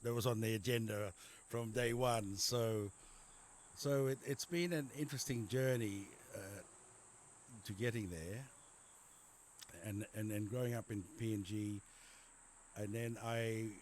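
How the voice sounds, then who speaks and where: A middle-aged man with an Australian accent speaks in a fairly low voice. He talks casually in an interview, rambling, restarting and repeating words as he tells his story. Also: measured pace, long pauses, darkish tone, slight background noise. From Papua New Guinea. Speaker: general practitioner guest. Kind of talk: conversational interview.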